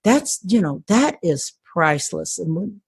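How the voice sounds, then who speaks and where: Low husky older woman, passionate. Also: big pitch swings, unhurried, no echo, studio quality. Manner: earnest, passionate, repeats words when starting phrases. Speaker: podcast guest. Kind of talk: conversational interview.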